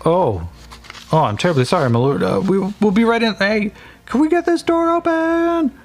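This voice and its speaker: A dutiful guard captain, voiced by a man calling through a barred door in a tabletop game. His voice is pitched well up and carries, formal and respectful. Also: very animated, normal speed, a little hiss or hum. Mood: apologetic.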